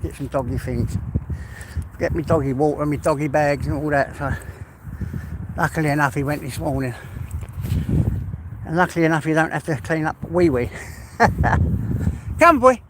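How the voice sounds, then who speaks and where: A man's voice: fairly high pitch, fairly even intonation, moderate pace, pauses often, background noise. A man with an English accent chatting to his viewers on a phone livestream while walking his dog through the fields, swearing now and then. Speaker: livestream host. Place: outdoors in rural fields.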